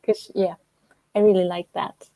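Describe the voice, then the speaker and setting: A woman's voice: lowish voice, little pitch movement, normal speed, mellow, dry recording. A woman hosting a casual online book club discussion, chatty and giggly, often trailing off with fillers. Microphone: video call.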